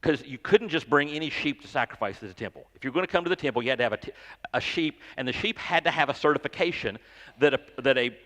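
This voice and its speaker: Brief: male pastor, mid-pitched voice, chatty sermon with stammered repeats, hall reverb. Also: lively intonation, fast talker, fairly bright tone. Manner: conversational, self-deprecating, stammers and repeats words. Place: church sanctuary.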